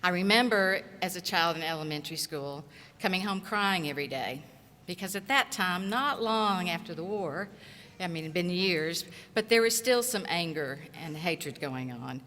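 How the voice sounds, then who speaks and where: A middle-aged woman from southeast Tennessee giving an earnest, encouraging graduation speech at a podium microphone, in short, measured phrases. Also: on the low side, lively intonation, pushed and bright. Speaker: commencement speaker and college instructor. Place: large auditorium. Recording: echoey hall reverb.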